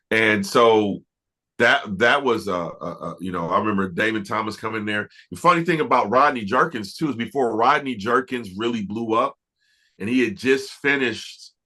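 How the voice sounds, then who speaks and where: Bright-voiced man telling studio stories. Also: fairly low pitch. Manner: relaxed, reflective, many fillers and restarts. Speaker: music producer, interview guest. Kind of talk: casual interview storytelling.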